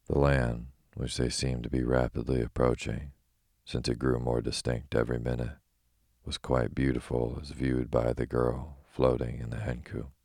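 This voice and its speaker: A man reading a bedtime story aloud in a calm, steady narration. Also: extremely low pitch, moderate pace, gravelly, no echo, clean studio sound.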